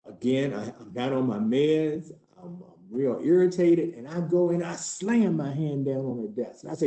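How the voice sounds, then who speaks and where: A man's voice: a little high, animated, moderate pace, few pauses, warm tone. A man acting out a case study as a trainer, earnest and conversational as he tells it in the first person. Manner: earnest, conversational, building tension. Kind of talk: first-person role-play storytelling. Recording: roomy hall.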